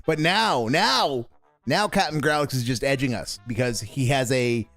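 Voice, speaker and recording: A man's voice: mid-range voice, a little slow, fairly bright tone, no echo, soft background music. A man streaming, reacting to a video with mocking commentary and frequent laughter.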